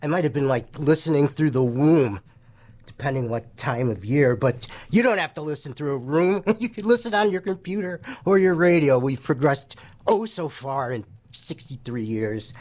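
A man's voice: fairly high pitch, expressive, moderate pace, a little mellow. Rambling, irreverent male radio host. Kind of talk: casual radio banter.

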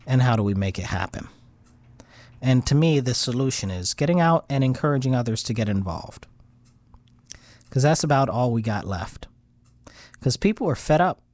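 Now animated at a moderate pace, the US host's medium-pitched, slightly mellow voice pauses often as he rambles in frustration on his casual political livestream, rising into heated outbursts. There's no echo.

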